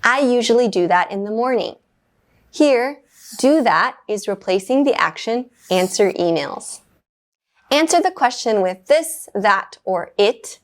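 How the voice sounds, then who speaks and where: A woman teaching an English grammar lesson, explaining in a clear, measured way and giving short upbeat praise after each exercise. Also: mid-range voice.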